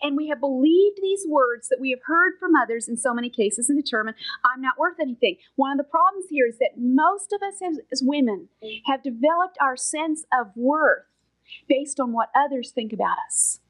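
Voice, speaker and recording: A middle-aged woman with a high voice preaches in a sermon style, earnest and emphatic. She presses her points firmly and now and then drops into a soft whisper to stress them. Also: lively intonation, moderate pace, rough recording. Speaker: Bible teacher.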